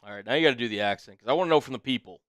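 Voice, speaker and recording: Fast-talking bright male stream co-host. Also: medium pitch, animated, slight background noise. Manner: quick hype-man interjections and chat shout-outs. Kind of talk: hyped banter on a live stream.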